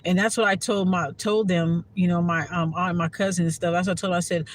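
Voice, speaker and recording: A woman's voice: on the low side, fairly even intonation, fairly quick, hardly any pauses. Emphatic, profane woman vlogging. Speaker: spiritual content creator. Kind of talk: casual monologue to camera.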